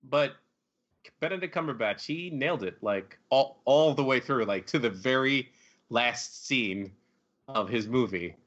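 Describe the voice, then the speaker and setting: A man's voice: medium pitch, unhurried, fairly bright tone, highs cut off. A man hosting a casual movie podcast, talking animatedly with lots of fillers and laughs. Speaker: podcast host.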